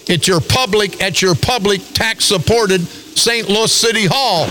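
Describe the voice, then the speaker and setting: A man on a studio mic delivers an angry, repetitive talk radio rant. His voice sits high and cuts through with a sharp, bright edge. A faint hiss stays under his voice. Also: measured pace. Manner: ranting, confrontational, repetitive. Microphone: studio broadcast mic.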